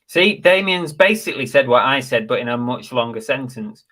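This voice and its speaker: A man with a mid-pitched voice hosts a casual live stream. He reads out comments and donations, slipping in dry jokes along the way. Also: expressive, moderate pace, pushed and bright. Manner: dry, joking asides while reading donations. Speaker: host of a live reselling chat.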